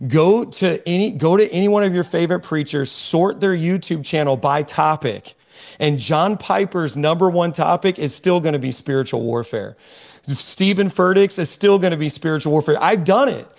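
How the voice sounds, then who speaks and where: An emphatic, preachy man making his case on a podcast, restarting sentences as he pushes on. His voice sits a little high for a man. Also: normal speed, vocal fry. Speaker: podcast guest. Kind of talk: impassioned podcast discussion.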